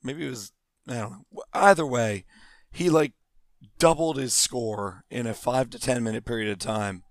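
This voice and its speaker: A man's voice: medium pitch, moderate pace, no echo, clean studio sound. A man co-hosting a podcast in casual chat, teasing and sarcastic. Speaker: podcast co-host.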